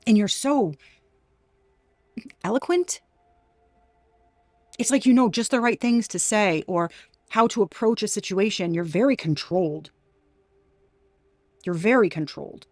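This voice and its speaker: A woman's voice: mid-range voice, moderate pace, a little mellow, no room sound. A woman giving an intuitive tarot reading to her viewers, talking emphatically with many restarts and exclamations. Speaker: tarot reader.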